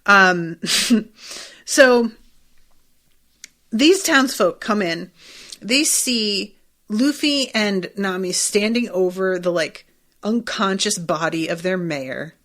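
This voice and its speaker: A woman hosting a podcast, talking casually and quickly through a recap. She swears freely, scatters "like" and "um" everywhere and acts out little quoted lines as she goes. Her voice sits at an ordinary middle pitch. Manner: chatty, profane, animated retelling with quoted asides. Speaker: podcast host.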